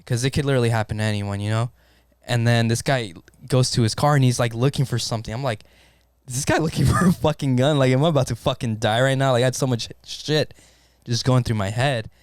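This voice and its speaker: A man in a casual podcast chat, telling a story in an animated way and swearing constantly. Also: medium pitch, smooth, no echo, clean studio sound. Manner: animated, swears constantly, acts out his own panic. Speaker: podcast co-host.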